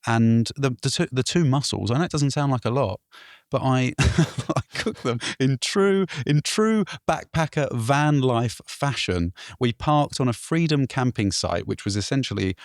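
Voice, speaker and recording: A man from England telling a travel story on a podcast, animated and laughing, swearing now and then. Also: mid-range voice, a little slow, no echo, clean studio sound. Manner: animated, laughing, swears, puts on voices for others.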